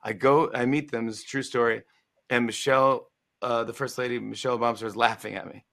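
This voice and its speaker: A man in his forties, an author appearing as a talk show guest on a promotional livestream interview, casually tells a funny anecdote. His mid-range voice is brisk and creaky, and he's an animated storyteller who acts out the voices of the people he quotes.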